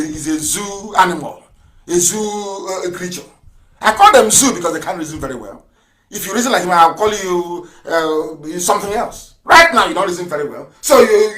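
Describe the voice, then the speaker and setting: Fiery high-voiced man on radio. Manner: fiery and sarcastic, with rhetorical questions and bursts of shouting. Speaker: radio broadcaster. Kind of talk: impassioned political radio broadcast.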